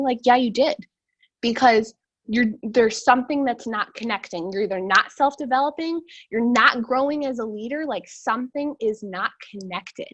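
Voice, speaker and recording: A woman's voice: a little high, normal speed, dull audio. Blunt, rambling young woman on a video call. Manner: blunt, animated, rambling with many fillers. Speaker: sales team leader. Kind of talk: motivational talk on a video call.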